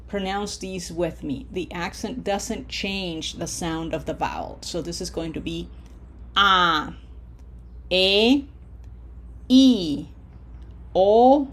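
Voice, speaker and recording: A woman teaching a recorded language lesson, modeling words clearly for repetition and checking in with frequent "okay?" prompts. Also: lowish voice. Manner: slow, deliberate, checks in with "okay?". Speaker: Spanish teacher.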